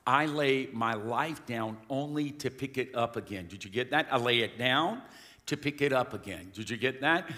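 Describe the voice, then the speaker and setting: A man's voice: medium pitch, sharp tone, in a large hall. A man preaching a sermon as pastor, emphatic and calling the congregation to respond. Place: church sanctuary.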